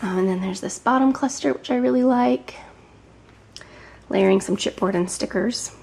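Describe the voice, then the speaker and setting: Woman in her thirties, a touch breathless, chatty crafting vlogger voice with ums and soft asides, mid pitch. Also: moderate pace, gravelly. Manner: chatty, with frequent ums and some whispered asides. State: slightly out of breath. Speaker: scrapbooking vlogger. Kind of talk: casual show-and-tell narration.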